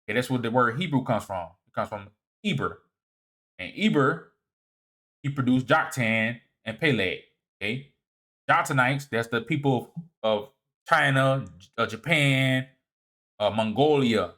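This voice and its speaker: A man presenting a lecture over slides in a casual, halting way. He often repeats and restarts his words, checks in with "all right?", and swings between emphatic rises and low muttered asides. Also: animated, sharp tone. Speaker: presenter of a video series. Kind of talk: lecture walking through slides.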